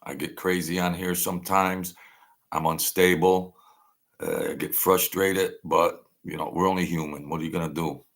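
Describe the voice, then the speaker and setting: A livestream host tells rambling, casual stories that drift off and start up again. His low voice is expressive and a bit bright with vocal fry, at normal speed.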